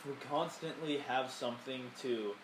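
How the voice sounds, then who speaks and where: A man's voice: mid-range voice, normal speed. A young man hosting a podcast, talking casually about faith with many "like" fillers. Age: young adult. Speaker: podcast host. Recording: roomy room with steady noise.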